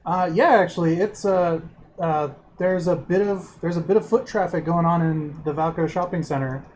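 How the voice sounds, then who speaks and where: A man running a tabletop role-playing game, talking in a rambling, halting way full of fillers. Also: on the high side, a little mellow, a little hiss or hum. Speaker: game master.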